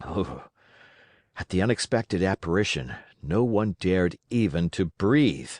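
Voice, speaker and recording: A man narrating a classic children's story for English learners, reading in an expressive, lively way. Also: deep voice, a little slow, dry recording, clean studio sound.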